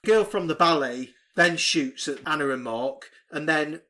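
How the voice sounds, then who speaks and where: A man co-hosting a casual film podcast, recapping the plot in an animated, sweary way and putting on quick mock voices. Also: a little high. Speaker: podcast co-host. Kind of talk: casual film review chat.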